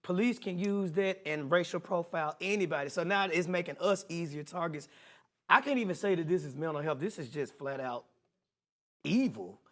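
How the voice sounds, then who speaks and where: A man with a Southern US accent co-hosting a casual talk show, in a fairly high-pitched voice. He is animated and laughs a lot. He turns quieter and lower for serious points. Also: moderate pace. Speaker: co-host.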